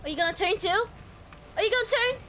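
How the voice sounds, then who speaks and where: Woman streamer, very high and lively voice, bright tone, giggly, excitable, trash-talks enemies. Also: normal speed, slight background noise. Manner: giggly and excitable, frequent laughter and yelps; taunts enemies and swears when startled. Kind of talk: live gameplay commentary, chatting with viewers.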